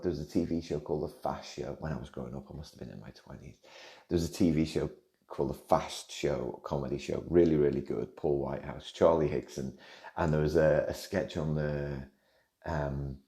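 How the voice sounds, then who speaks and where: Very deep, dark-voiced Liverpool man. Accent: Liverpool English. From England, Liverpool area. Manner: rambling, digressive, self-interrupting. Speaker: podcast host. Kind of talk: casual chat answering listener questions.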